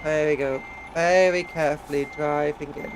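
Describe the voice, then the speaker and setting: A man's voice: on the high side, steady tone, moderate pace. A man with an English accent chatting casually on a live stream, sniffly from hay fever, reading chat aloud and humming little tunes while he drives. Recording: game truck engine noise underneath.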